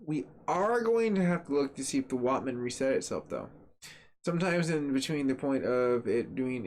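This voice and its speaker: A man's voice: medium pitch, a little mellow, slight background noise. Joking, rambling male gaming host. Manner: joking, rambling and sarcastic, with frequent fillers. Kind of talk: casual commentary while testing a graphics card.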